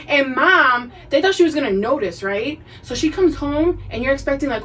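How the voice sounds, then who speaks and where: A high-voiced woman with a Boston accent chats casually as a podcast co-host, recapping a show with plenty of profanity and acted-out lines. She sits well back from a poor-quality mic, so she sounds distant. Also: normal speed. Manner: profane, animated, acts out characters' lines. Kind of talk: casual chat recapping a TV series.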